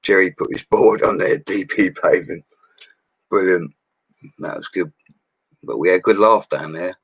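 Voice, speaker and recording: A man's voice: deep voice, normal speed, creaky, slightly rough, rough recording. A man of forty with a London accent, telling stories about his bricklaying work in a casual, blunt way. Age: 40s. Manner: chatty and blunt, with slang and mild swearing. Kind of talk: casual storytelling livestream.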